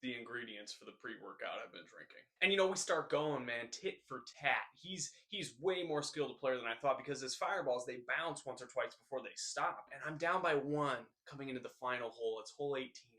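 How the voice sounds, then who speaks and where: A young man hosting a scripted news recap with deadpan, jokey asides and rambling tall tales. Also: mid-range voice. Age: young adult. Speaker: host.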